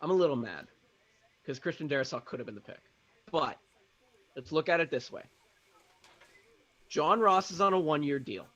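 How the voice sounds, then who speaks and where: A nervous man co-hosting a live draft reaction, voice pitched a little high for a man. He frets out loud and argues his way back to calm. The recording sounds dull and lo-fi. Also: moderate pace, long pauses. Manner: anxious, talks himself through it. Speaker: sports show co-host.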